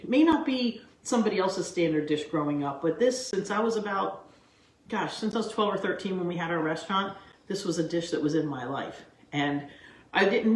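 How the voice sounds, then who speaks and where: A woman hosting her own cooking show, chatting excitedly and wandering off on tangents, recorded in a kitchen. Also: on the low side. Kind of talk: casual cooking vlog chat. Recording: echoey kitchen room sound.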